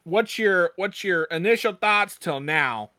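A man's voice: high voice, measured pace. A man co-hosting a casual group podcast, joking around and laughing often. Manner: laughs often, jokey and excitable. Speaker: podcast co-host.

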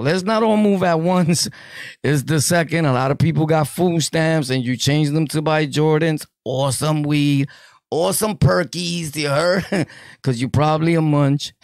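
A man's voice: fairly high pitch, dry recording, studio quality. A man with a New York accent telling prison stories in a casual, joking way, laughing often and using heavy street slang. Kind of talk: casual storytelling to camera.

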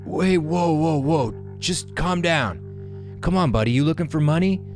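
A man's voice: fairly high pitch, a little slow, faint music behind, voice pushed up, close to an everyday voice. A man voicing a frightened male movie star who talks in an alarmed, placating, stammering way.

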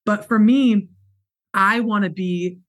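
A woman's voice: mid-range voice, slow. A woman hosting a podcast, affirming her guest and speaking on spirituality. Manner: warm affirming, spiritual vocabulary. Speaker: podcast host. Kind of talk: conversational interview talk.

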